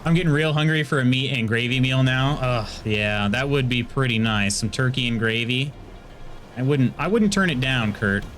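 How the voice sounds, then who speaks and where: A man with an American accent streaming a video game, chatting casually with his viewers and jumping into high, excited bursts. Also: moderate pace, slight background noise.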